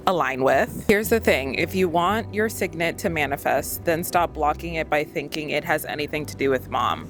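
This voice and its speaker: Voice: mid-range voice, fairly bright tone. Gushing young adult vlogger. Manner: enthusiastic, gushing. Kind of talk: casual chat.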